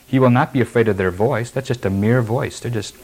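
A man's voice: medium pitch, fairly quick, darkish tone, slightly rough, rough recording. A man preaching a sermon, reading verses and then explaining them emphatically. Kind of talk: sermon expounding scripture.

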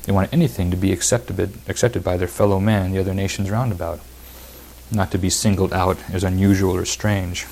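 A man's voice: low voice, fairly even intonation, brisk, a little mellow, slight background noise. A man preaching a verse-by-verse sermon, reading scripture aloud and explaining it with emphatic repetition.

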